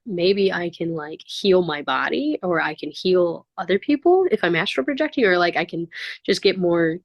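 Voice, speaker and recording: A woman's voice: lowish voice, lively intonation, moderate pace, no echo, dull audio. A woman guest in a casual interview, telling personal stories in an earnest, rambling way with many fillers. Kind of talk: casual conversational storytelling.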